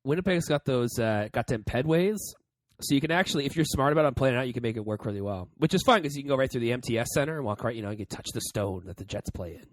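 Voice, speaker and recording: A young man trading playful, wry banter as a podcast co-host. He talks quickly with a lively pitch, in a dry, close sound. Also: no echo. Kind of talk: casual chat.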